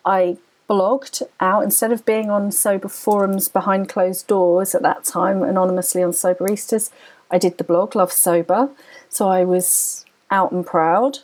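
A woman's voice: mid-range voice, steady tone, a little slow, darkish tone, low-quality recording. A woman, a podcast guest, earnestly telling a personal story in tumbling phrases full of restarts.

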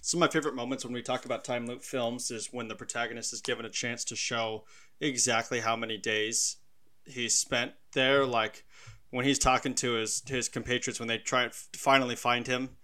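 A man's voice: mid-range voice, steady tone, fairly quick, bright, forceful tone. A man co-hosting a podcast, retelling his favorite scenes from a film in a casual chat. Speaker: podcast co-host. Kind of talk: casual movie discussion.

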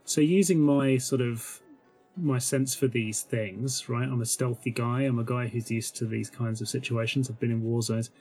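A man's voice: mid-range voice, steady tone, normal speed, a little mellow, husky, soft background music. A man playing a tabletop role-playing game, chatty, laughing easily and thinking aloud with many fillers. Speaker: player.

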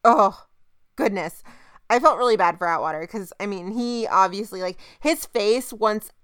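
A young woman casually recapping a TV episode as a podcast co-host, telling the plot in an animated, chatty way. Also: medium pitch, normal speed, clear, resonant tone, no room sound, studio quality. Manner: chatty, animated retelling with quoted voices. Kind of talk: casual chat.

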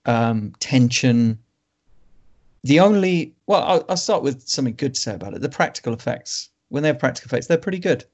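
A man's voice: medium pitch, darkish tone. A man co-hosting a film podcast, chatting casually and wryly about a bad movie. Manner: wry, rambling, laughs at bad films. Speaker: podcast co-host. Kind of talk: casual film review chat. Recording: dull lo-fi sound.

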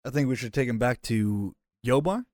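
A man's voice: mid-range voice, animated, normal speed, a little mellow, dry recording, clean studio sound. A man playing a tabletop game, talking in a casual, joking way and repeating himself now and then. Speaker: player.

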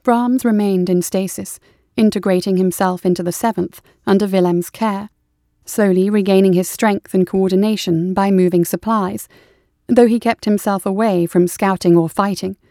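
A woman reading a war story aloud as audiobook narration, in a steady, measured way. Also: mid-range voice, no echo, studio quality.

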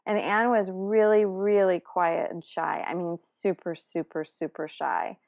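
A woman telling a personal story in a casual, animated way, with many fillers and restarts. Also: fairly low pitch, measured pace, creaky.

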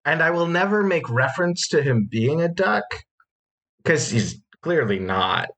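A man's voice: fairly high pitch, big pitch swings, unhurried, a bit bright. A man describing his tabletop game character, hesitant and full of fillers, often fighting back laughter. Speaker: player.

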